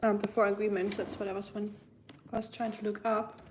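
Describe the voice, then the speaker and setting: A woman's voice: mid-range voice, flat delivery, brisk, a little mellow, slight background noise, low-quality recording. A young woman hosting a casual livestream, chatting and musing with her viewers while she eats. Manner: chatty, musing, answers chat while eating. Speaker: livestream host. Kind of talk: casual chat with live chat viewers.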